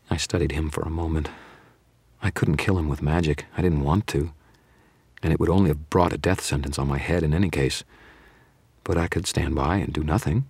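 A man narrating a first-person fantasy audiobook in a measured, dramatic storytelling manner. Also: very deep voice, fairly even intonation, darkish tone, husky, dry recording.

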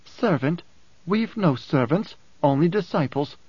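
A man's voice: on the high side, lively intonation, a little slow, a little mellow, husky, no echo, pitched above the performer's own voice. Man doing a fierce, scornful teenage girl. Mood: defiant. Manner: defiant, snapping, scornful. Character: fierce proud teenage girl, sharp-tongued. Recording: dull dry close recording.

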